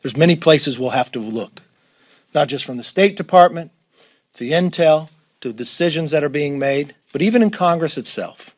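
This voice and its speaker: A man delivering a measured, prepared political statement in a played clip. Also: on the high side, expressive, dry recording, studio quality.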